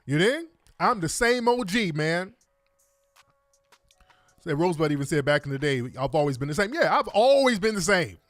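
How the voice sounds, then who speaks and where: A man's voice: sits high, sing-song, moderate pace, long pauses, no room sound, soft background music. A middle-aged man hosting a talk show, delivering an emphatic, profane, combative monologue full of rhetorical questions. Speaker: radio talk host.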